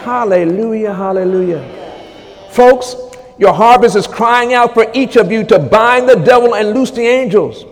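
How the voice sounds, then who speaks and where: Male preacher, high voice, swings from hushed murmurs to shouted commands, long hall echo. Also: moderate pace. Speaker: pastor. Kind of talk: charismatic sermon.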